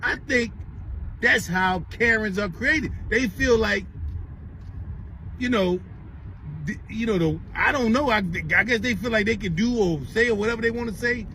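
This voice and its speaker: A man's voice: high-pitched, normal speed, a little hiss or hum, rough recording. Profane rambling man vlogging from his car. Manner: rambling, profane, animated retelling. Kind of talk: casual storytelling rant. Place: in a car on the way to work.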